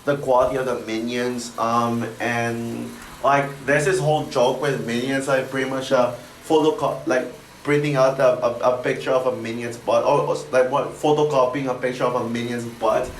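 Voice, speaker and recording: A man's voice: mid-range voice, fairly even intonation, moderate pace. A man giving a casual spoken movie review, rambling, with many fillers and stutters. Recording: echoey room with faint noise.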